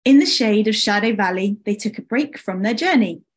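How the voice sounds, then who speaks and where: A woman author reading her picture book aloud to schoolchildren, animated and inviting them to join in. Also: medium pitch, moderate pace. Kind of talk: expressive read-aloud to schoolchildren.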